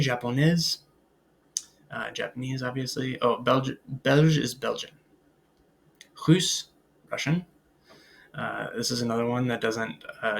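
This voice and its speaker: Gravelly man teaching French vocabulary. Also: medium pitch. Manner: explains in English, models French words and phrases aloud, frequent "uh" and "um". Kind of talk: recorded language lecture.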